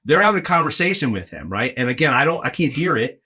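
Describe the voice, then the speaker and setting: A man in his forties, a podcast guest, telling a long anecdote in a casual, animated way, acting out the people he quotes and peppering his talk with "like" and "right?". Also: medium pitch, fast talker, husky. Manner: animated, acts out quoted voices, lots of "like" and "right?". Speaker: podcast guest, arena in-game host.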